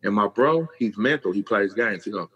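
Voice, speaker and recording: Middle-aged man, husky, raw and animated storyteller, podcast guest. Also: fairly low pitch, a little fast, lo-fi sound. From California. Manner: animated storyteller, acts out quoted voices, swears freely. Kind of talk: casual storytelling.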